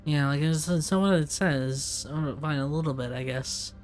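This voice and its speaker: A man's voice: on the high side, normal speed, soft background music. A man playing a story game, casually chatting and reading in-game documents aloud, often chuckling and stumbling over tricky words. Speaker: let's play gamer.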